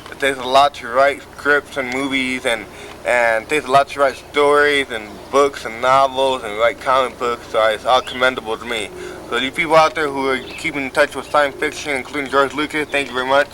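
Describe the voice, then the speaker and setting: A man's voice: medium pitch, fairly even intonation, a little fast, bright, forceful tone, a little hiss or hum. A man hosting a public-access TV show outdoors, a bit out of breath, rambling in a loose, profane way. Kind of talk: rambling talk to camera. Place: outdoors at a friend's house.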